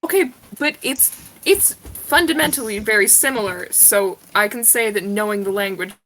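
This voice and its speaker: Woman player, blunt, bright tense voice. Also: medium pitch, normal speed. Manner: blunt, matter-of-fact. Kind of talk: casual chat at a tabletop game.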